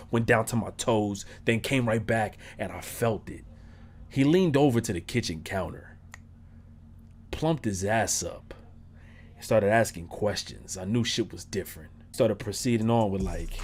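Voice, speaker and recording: A man telling a story on his vlog in an animated, profane, slangy way. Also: medium pitch. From New York. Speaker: YouTuber.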